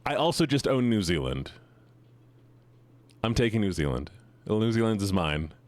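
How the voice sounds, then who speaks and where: A man streaming live, joking with his chat in a playful, teasing voice. His pitch swings widely as he hams up mock-villain boasts. The sound is close and dry, with no room around it. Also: big pitch swings, normal speed, a little mellow, dry recording.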